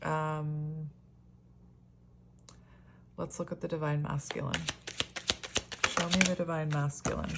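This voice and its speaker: A woman's voice: low voice, level tone, slow, vocal fry, pauses often, very noisy. A woman in a casual solo tarot reading, chatty and rambling, often laughing and exclaiming at the cards. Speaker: tarot reader.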